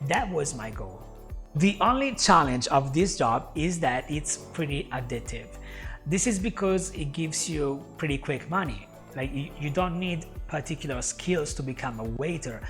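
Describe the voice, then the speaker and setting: An English teacher who is not a native speaker, giving job tips to camera in an upbeat way and often calling the viewer "my friend". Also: male voice, fairly high pitch, lively intonation, normal speed, a bit bright. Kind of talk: talking to camera, tips video. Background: faint music.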